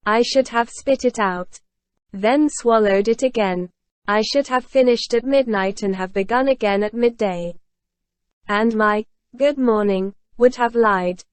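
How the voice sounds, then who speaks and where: A woman's voice: a little high, no room sound, close to an everyday voice. A woman reading the part of a remorseful aging former convict, in a solemn, anguished confessional manner.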